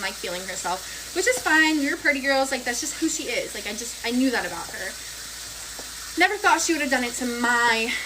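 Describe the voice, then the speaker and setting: A young woman with a high voice tells a storytime in a frank, rambling, profane way. She speaks casually while cooking at home. A loud sizzling pan and stirring sound behind her. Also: background noise.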